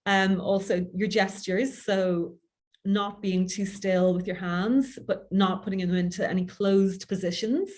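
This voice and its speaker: A woman with an Irish accent giving a quick, chatty public speaking workshop, self-deprecating and informal. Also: mid-range voice, fairly even intonation, a little mellow. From Ireland. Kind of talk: workshop talk.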